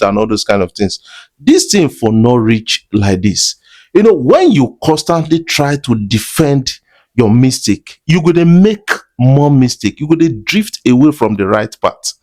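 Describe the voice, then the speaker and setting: A man's voice: medium pitch, very animated, normal speed, darkish tone. A man with a Nigerian Pidgin accent giving chatty commentary to his viewers, mixing Pidgin with English. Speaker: entertainment blogger. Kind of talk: commentary vlog.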